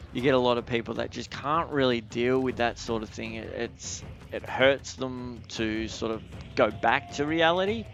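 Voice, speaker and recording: A man's voice: medium pitch, creaky, a bit bright. A man hosting a casual podcast, rambling and repeating words with loose swearing while he plays a video game. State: married. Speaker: podcast host.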